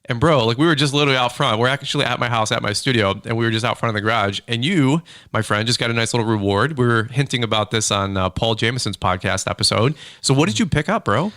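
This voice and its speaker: Guy hosting a podcast, talks fast, bright punchy voice, says bro and dude constantly. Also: medium pitch, no echo, studio quality. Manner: animated storyteller, acts out quotes, says "bro" and "dude" a lot. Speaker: podcast host. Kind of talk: casual chat. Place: home studio.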